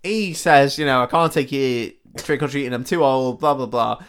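A man co-hosting a comedy podcast, recapping a film's plot in a casual, sweary way and slipping into quick voices for the characters. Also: medium pitch, fairly bright tone, clear, resonant tone. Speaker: podcast co-host.

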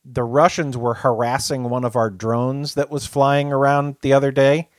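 A man co-hosting a podcast in casual chat, animated and laughing often. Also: mid-range voice, normal speed, dry recording, studio quality. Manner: animated, laughs often, keeps saying the co-host's name. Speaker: podcast co-host.

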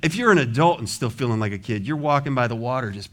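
A man preaching a sermon in a church, lively and often acting out the voices of a grumbling crowd. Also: medium pitch, quick pace. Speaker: pastor. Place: church sanctuary.

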